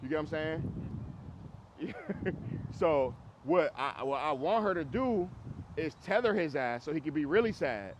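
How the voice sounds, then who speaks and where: A man's voice: on the high side, lively intonation, unhurried. Blunt man coaching outdoors. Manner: blunt, casual, laughs often. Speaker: dog trainer. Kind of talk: coaching a client on a walk. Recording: dull audio with clear street noise.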